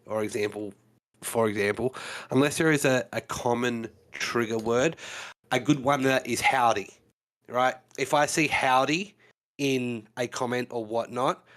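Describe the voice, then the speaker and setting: A man's voice: medium pitch, a bit bright. A man co-hosting a casual chat, explaining his point step by step and checking in with his listener. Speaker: podcast co-host.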